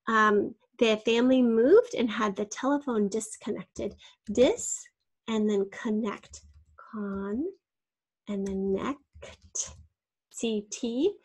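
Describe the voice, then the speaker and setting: A woman's voice: on the high side, slightly rough. A woman teacher leading a spelling lesson, patiently sounding out syllables and dropping to a near whisper for asides.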